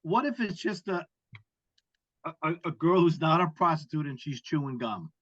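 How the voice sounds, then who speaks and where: A man with a high, husky voice chatting on a comedy podcast. He is laid back and keeps pitching joke ideas. His sound is dull and muffled, like a lo-fi mic. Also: animated, normal speed, fairly bright tone. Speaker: co-host. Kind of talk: casual comedy podcast chat.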